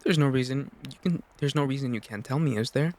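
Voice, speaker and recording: A man's voice: medium pitch, quick pace, darkish tone, natural voice. A man voicing a frightened fourteen-year-old noble girl, anxious and scolding herself. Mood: probing.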